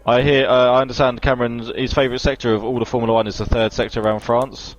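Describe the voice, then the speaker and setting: A man calmly calling a sim racing qualifying session, with dry humour. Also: medium pitch, fast talker. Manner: laid-back, dry humour. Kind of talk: live esports race commentary. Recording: slightly dull lo-fi mic.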